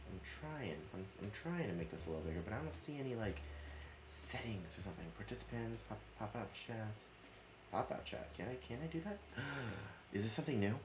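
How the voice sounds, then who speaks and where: A man's voice: on the low side, sing-song, fast, noisy background. Chatty male live-stream host, roomy sound. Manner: chatty, greets viewers and reads comments aloud. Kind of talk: casual live stream chat. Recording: roomy echo.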